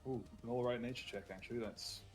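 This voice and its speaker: A man's voice: mid-range voice, steady tone, quick pace. Playful man at a tabletop game. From United Kingdom. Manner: playful, laughing, bursts into loud hammy in-character shouts. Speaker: player. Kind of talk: casual tabletop play. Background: faint music.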